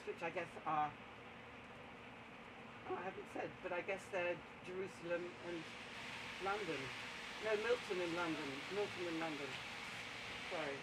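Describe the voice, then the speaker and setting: A fairly high-pitched man performs stories live in an outdoor garden, chatty and theatrical, with laughter never far away. He sounds set back from the mic, and steady background noise runs under his voice. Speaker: storyteller. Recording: distant, noisy outdoor recording.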